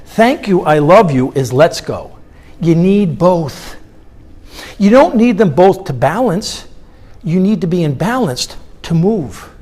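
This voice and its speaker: Lively man leading a seminar. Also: high voice, slow pace. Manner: animated, engages audience with questions. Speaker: motivational speaker. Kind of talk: live seminar talk with guided meditation. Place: conference hall.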